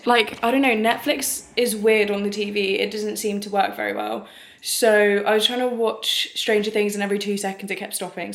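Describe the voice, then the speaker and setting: A young woman from England talks straight to her camera in a loose, chatty vlog style. She rambles and laughs at herself, and drops the odd casual swear word. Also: medium pitch. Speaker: vlogger.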